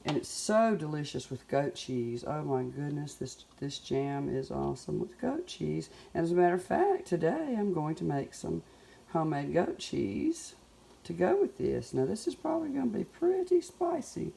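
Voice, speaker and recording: A woman's voice: low-pitched, sing-song, unhurried, vocal fry, warm tone. A middle-aged woman with a Southern US accent, chatting folksily in her home kitchen as she cooks. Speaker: home cook. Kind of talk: casual cooking demonstration.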